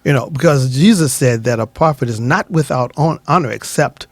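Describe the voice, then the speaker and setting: A man's voice: medium pitch, normal speed, no echo. A male radio host encouraging his guest with faith-filled talk about her gift. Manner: preachy, encouraging, speaks of God and gifts. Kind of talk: radio talk show chat.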